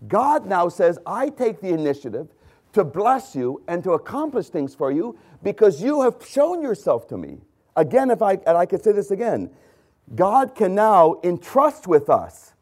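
Man, sermon, fairly high voice, lively swinging pitch, emphatic then hushed. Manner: clears throat and corrects his own slips. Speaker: pastor.

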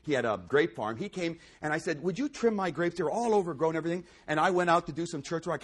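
A male pastor with a high, husky voice preaches fast with lively intonation. He swings from loud exclamations to hushed near-whispers and repeats key phrases for emphasis.

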